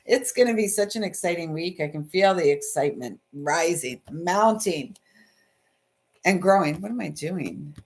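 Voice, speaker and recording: A woman's voice: lowish voice, expressive, normal speed, a little mellow. A woman in her fifties from Canada, hosting a live card reading and talking in a gushing, meandering, emotional way. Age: 50s. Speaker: intuitive card reader, livestream host.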